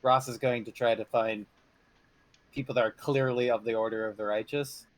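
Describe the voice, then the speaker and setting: A man plays in a tabletop game, laid-back and quick with a quip. His voice sits at an ordinary middle pitch and sounds dry and close. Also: fairly even intonation, dry recording, poor audio. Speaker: player. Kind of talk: casual tabletop game chat.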